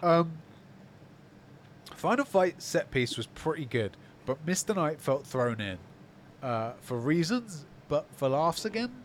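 A man co-hosting a casual podcast, reading listener comments aloud and reacting with quick, animated quips. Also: a little high, slight background noise. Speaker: podcast co-host.

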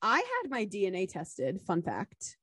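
A chatty American woman co-hosts a casual podcast, telling stories in an animated way. Her voice sits in a middle register and is recorded close and dry. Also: mid-range voice, a little slow, breathy edge, dry recording. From United States. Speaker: podcast co-host. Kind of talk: casual chat.

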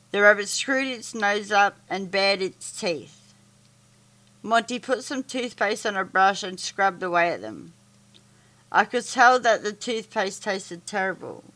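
A woman reading a children's story aloud, halting with stumbles and restarts. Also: medium pitch, pushed and bright.

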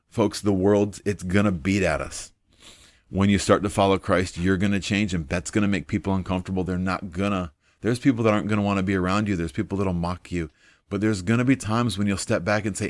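A man's voice: on the low side, fairly quick, no echo, studio quality. A man preaching an informal sermon in an earnest, conversational way, with frequent fillers.

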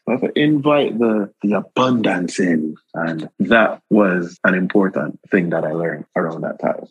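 Husky low-voiced Jamaican man. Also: a little slow, hardly any pauses, dry recording, lo-fi sound. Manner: laid-back, animated storytelling with frequent asides. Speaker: guest creative. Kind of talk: casual conversational interview.

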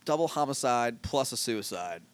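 A man's voice: medium pitch, lively intonation, moderate pace, no echo. Rambling, joking man on a podcast. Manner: crude joking, rambling with many fillers. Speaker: podcast co-host. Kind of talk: casual chat.

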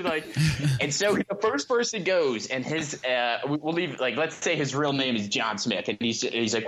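A man's voice: medium pitch, moderate pace. A young man telling a story among friends in casual chat, acting out voices, laughing often and filling his talk with "like". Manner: animated, acts out voices, laughs often, heavy "like" filler. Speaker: podcast co-host.

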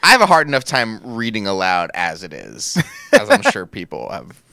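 A man co-hosts a podcast in casual chat, his pitch swinging widely as he talks. He rambles animatedly and fills his sentences with "like". The close microphone makes the sound dry and near. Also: normal speed, creaky, smooth, no room sound. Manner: animated, rambling, many filler "like"s. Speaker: podcast co-host.

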